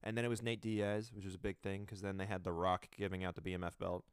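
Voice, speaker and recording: A man co-hosting a podcast, giving relaxed opinions and often hedging what he says. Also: sits low, quick pace, clear, resonant tone, no room sound, studio quality. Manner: laid-back, hedging opinions. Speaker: podcast co-host. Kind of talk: casual chat.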